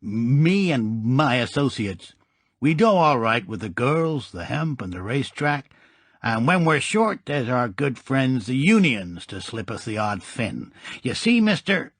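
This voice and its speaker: A boastful American gangster with a fixed grin. His mobster voice rises high and loud, with a husky edge, and he stumbles over b, m and p sounds. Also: sing-song, no room sound. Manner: halting on b, m and p sounds, slangy. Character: American gangster with a lip-curling grin, male.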